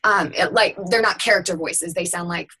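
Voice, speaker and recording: A woman's voice: lowish voice, moderate pace, pushed and bright, breathy edge, low-quality recording. A woman guest on a webinar giving frank, conversational voiceover advice. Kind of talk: casual advice talk.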